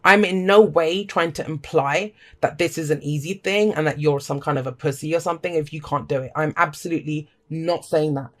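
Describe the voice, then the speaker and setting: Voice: mid-range voice, fairly quick, hardly any pauses, a bit bright. A tarot reader giving a casual, emphatic reading to camera, talking straight to viewers with blunt language and pep-talk encouragement. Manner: blunt and emphatic, swears freely.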